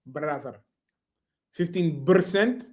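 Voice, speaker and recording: A man's voice: a little high, takes it slowly, darkish tone. A young man on a casual football panel, needling and sarcastic.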